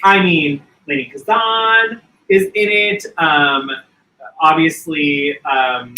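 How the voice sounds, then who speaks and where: A man co-hosting a podcast in casual chat, animated and acting out movie lines. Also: on the high side, slow. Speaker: podcast co-host. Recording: roomy echo.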